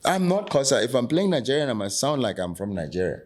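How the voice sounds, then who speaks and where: A man's voice: mid-range voice, big pitch swings, quick pace. A middle-aged man from South Africa, an actor talking as a podcast guest, passionate and emphatic, making his points with rhetorical questions. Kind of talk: candid podcast conversation.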